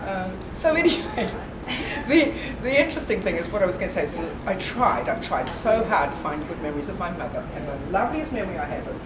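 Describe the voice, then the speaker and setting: A woman telling a personal story at a library gathering, her voice rising and falling a lot as she laughs at herself and leans on her ums. She sounds far from the mic, in an echoey room with steady background noise. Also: on the low side, fairly quick, hardly any pauses. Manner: chatty and self-deprecating, laughs often, many ums. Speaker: storyteller at a library morning tea. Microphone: distant room recording.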